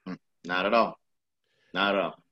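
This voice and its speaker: A man's voice: low-pitched, steady tone, moderate pace, highs cut off. A man co-hosting a casual podcast, blunt and profane, mocking and laughing as he talks. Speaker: podcast co-host. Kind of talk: casual chat.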